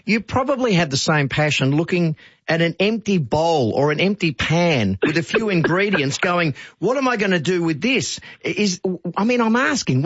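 A man's voice: high voice, husky, dry recording. A man hosting a radio interview in a jokey, upbeat, teasing way. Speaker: radio host. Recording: muffled radio broadcast.

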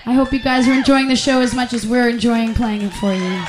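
A woman's voice: fairly high pitch, fairly quick. A woman from Vermont, a singer chatting with her audience between songs, self-mocking and stammering a little as she restarts her sentences. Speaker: singer-songwriter performing live. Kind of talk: live stage banter between songs. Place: live music venue with audience. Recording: live concert recording with crowd and music.

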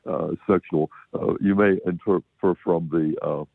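A man's voice: low voice, fairly even intonation, a little slow, creaky, dry recording. An American man giving a casual, rambling film review on radio, chuckling often as he talks. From United States. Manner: rambling, chuckling, many restarts. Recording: dry phone-line sound.

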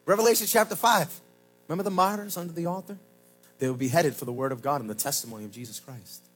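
A man preaching a sermon as pastor, swinging between loud shouted points and low, quiet asides. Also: steady tone, quick pace, poor audio.

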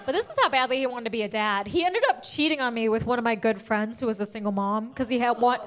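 A young woman of Indian origin performing a stand-up set, telling a story with animated bursts on the punchlines. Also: fairly high pitch, quick pace. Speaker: stand-up comedian. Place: comedy club stage. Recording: noisy club recording.

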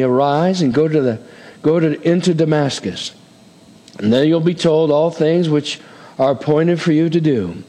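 Male pastor, a bit high voice, dramatic sermon delivery, long church reverb. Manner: animated preaching, voices Bible figures with big pitch swings.

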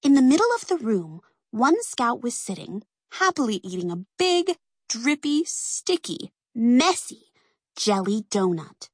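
A woman reads a children's story aloud with a lively voice that swoops up and down. Her tone is a bit husky. The recording is close and dry, with no room sound. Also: on the high side, a little slow, dry recording. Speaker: narrator.

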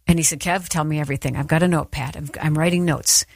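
A middle-aged woman giving an earnest, encouraging devotional talk to her listeners, with soft emphatic pauses. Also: sits low, fairly even intonation, no room sound, studio quality. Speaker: Christian speaker.

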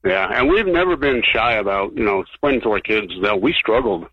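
A man's voice: lowish voice, very animated, a little fast, husky, no room sound. A male caller on a radio show, earnest and a little hesitant, talking with fillers as he explains his question. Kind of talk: phone call-in to radio show. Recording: dull lo-fi phone-in line.

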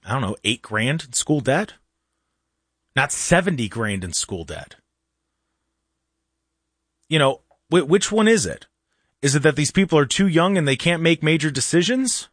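A man on a talk show rants with lots of energy, and his voice swings up and down all the time. He often trips over his words and restarts. The recording is close and dry, with slightly raised pitch. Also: no echo. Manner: animated ranting, frequent restarts and repeated words. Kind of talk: casual opinionated chat.

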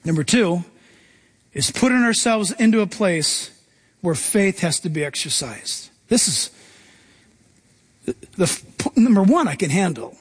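Lively high-voiced male pastor preaching. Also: unhurried, pauses often, slightly rough. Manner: animated, acts out voices of Bible figures. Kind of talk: sermon.

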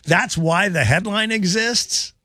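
A man's voice: high voice, slow pace, pushed and bright, dry recording. A man hosting a radio show, bantering with wry, dry jokes.

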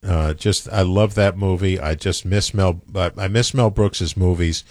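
A man's voice: low voice, fairly even intonation, unhurried, no echo, studio quality. A man co-hosting a casual chat, opinionated and rambling, often stammering and restarting.

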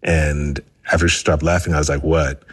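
A man raised in the United States calls in and tells a story from his past. He talks in a calm, measured way. His voice is very deep and a little husky. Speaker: caller. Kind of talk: recounting a personal story.

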